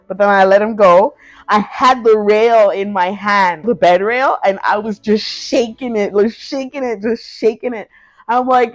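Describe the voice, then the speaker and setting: A woman's voice: medium pitch, normal speed, dry recording. A woman vlogger telling a personal story in a casual, chatty way, full of fillers and acted-out quotes. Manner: chatty, filler-heavy, acts out quoted lines. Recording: dull lo-fi sound.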